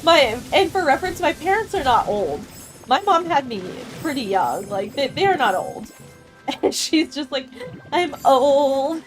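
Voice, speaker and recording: A woman in her thirties chatting casually with her chat while streaming a game, bubbly and quick to laugh. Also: high voice, very animated, soft background music. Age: 30s. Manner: giggly and bubbly, laughs often.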